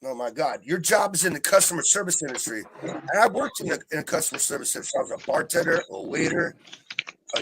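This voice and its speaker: Man, angry rambling rant with lots of profanity, slightly high voice, faint hiss behind. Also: sing-song, fast. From Southern Oregon coast, USA. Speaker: livestream chat participant. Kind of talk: casual chat, angry storytelling. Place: trailer park home.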